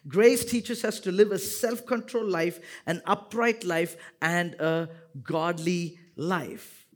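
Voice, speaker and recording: A male pastor delivers a sermon at an unhurried, deliberate pace, his voice sitting a little high. He stacks repeated phrases into loud, emphatic peaks, then drops to quiet, low asides. Now and then he teases the congregation playfully. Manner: repetitive rhetorical cadence.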